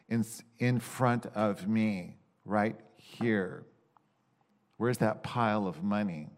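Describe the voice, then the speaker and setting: A man telling in a loose, candid way how he talks with God, with many restarts. He moves between exasperated bursts and quiet, reflective stretches. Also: mid-range voice. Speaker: Christian speaker sharing a personal reflection. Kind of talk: casual spoken reflection.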